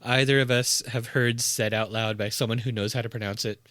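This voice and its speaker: A man's voice: mid-range voice, steady tone, brisk, fairly bright tone, no echo, clean studio sound. A man co-hosting a podcast in casual chat, easygoing and teasing, with frequent affirming replies. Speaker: podcast co-host.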